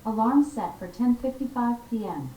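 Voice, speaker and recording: A synthetic female voice assistant giving polite, even, scripted replies from a smart speaker. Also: fairly high pitch, normal speed, slight background noise. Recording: roomy and distant, from a speaker across the room.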